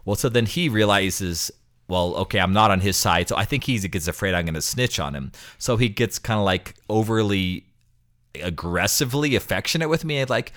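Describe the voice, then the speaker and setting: A deep-voiced man in his thirties chats casually about his experiences as a priest. He rambles a little, restarting sentences and repeating words as he goes. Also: animated, normal speed, fairly bright tone. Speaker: priest co-host. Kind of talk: casual storytelling chat.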